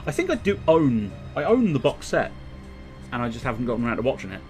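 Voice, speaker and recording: A man's voice: mid-range voice, sing-song, a little fast, a little mellow. A man chatting casually while streaming a game, joking about his own character voices. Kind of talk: casual live game commentary. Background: game music.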